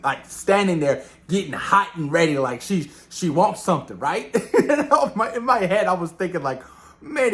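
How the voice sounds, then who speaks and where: Animated man rambling about a movie. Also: a little high. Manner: animated, rambling, repeats words, acts out quotes. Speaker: movie reviewer. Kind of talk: casual film review vlog.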